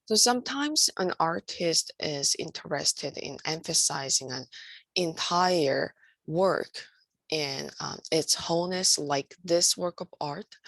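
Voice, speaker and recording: A woman lecturing on art in a low, gravelly voice, slow and unhurried. She pauses often and fills the gaps with hesitant ums and uhs. The sound is dry and close. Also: dry recording. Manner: hesitant, many fillers. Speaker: art instructor.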